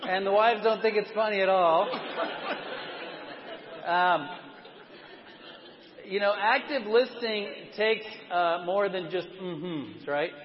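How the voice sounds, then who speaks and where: A middle-aged male pastor giving a conversational sermon, telling relaxed, self-deprecating stories full of fillers. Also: high voice, slow pace, long pauses, some chatter behind. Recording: dull sound with a long church-hall reverb.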